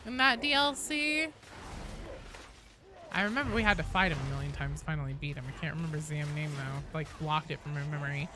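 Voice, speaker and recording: A woman's voice: sits low, a little fast, background noise. A woman streaming a game, chatting casually and answering viewers' messages while she plays. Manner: chatty, reads and answers chat while playing. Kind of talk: casual live-stream chat.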